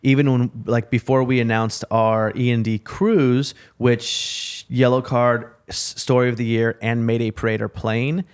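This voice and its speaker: A man co-hosting a music podcast, chatting casually with a guest. He talks in an excited, rambling way and swears freely. His voice sits at an ordinary middle pitch. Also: a little slow, hardly any pauses, clean tone. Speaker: podcast co-host.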